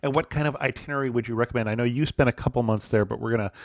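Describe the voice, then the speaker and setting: Playful podcast host, dry close sound. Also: male voice, mid-range voice, racing, no echo. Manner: playful, self-teasing. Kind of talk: travel podcast interview.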